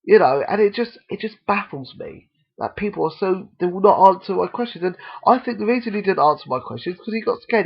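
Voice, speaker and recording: Gravelly man, impassioned vlog rant. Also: fairly high pitch, muffled recording. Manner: impassioned, argumentative, repeats his points. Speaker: vlogger. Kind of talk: opinion vlog monologue.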